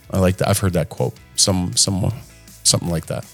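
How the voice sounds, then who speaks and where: A man's voice: sits low, moderate pace, gravelly, fairly bright tone, soft background music. A man with a Chicago-area American accent, co-hosting a podcast, making dry teasing remarks and reading a quote aloud. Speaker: podcast co-host. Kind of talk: casual chat.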